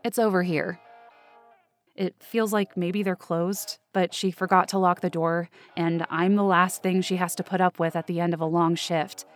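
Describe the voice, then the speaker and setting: A woman's voice: lowish voice, little pitch movement, moderate pace, few pauses, soft background music. A woman reading first-person scripted narration for a fiction podcast, in a close, anxious inner-monologue manner.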